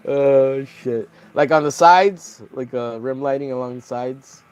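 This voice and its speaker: A man's voice: medium pitch, unhurried. A young man chatting on a casual painting livestream, rambling and joking crudely while reading the chat aloud.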